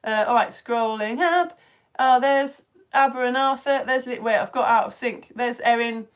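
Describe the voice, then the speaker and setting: A British woman with a slightly high voice and a moderate pace runs a live online science lesson. She's chatty and enthusiastic, often laughing as she reads viewer comments aloud.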